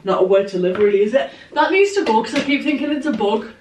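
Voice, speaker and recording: A woman's voice: on the high side, expressive, fast, a little mellow, slight background noise. A young woman chatting casually in her home kitchen, teasing and laughing often as she talks to her partner. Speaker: vlogger. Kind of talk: casual chat. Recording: echoey kitchen from a distance.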